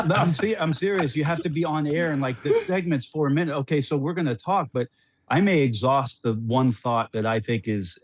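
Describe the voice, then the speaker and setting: A middle-aged man, a former player as podcast guest, telling a story in a rambling, animated way with many restarts. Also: medium pitch.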